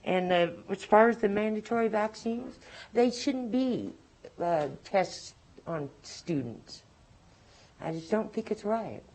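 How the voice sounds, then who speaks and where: Woman, public comment, angry, confrontational, dark tone. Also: mid-range voice, low-quality recording.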